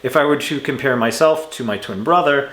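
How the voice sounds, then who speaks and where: A man gives a casual grammar lesson from his home, talking in a relaxed, chatty way and often correcting himself. His voice sits at an ordinary middle pitch. The room has a noticeable echo. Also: a little fast. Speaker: English teacher.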